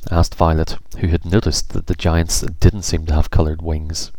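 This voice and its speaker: Deep-voiced man reading a children's book. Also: fairly even intonation, moderate pace, few pauses, warm tone, no room sound. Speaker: narrator. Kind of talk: children's audiobook narration.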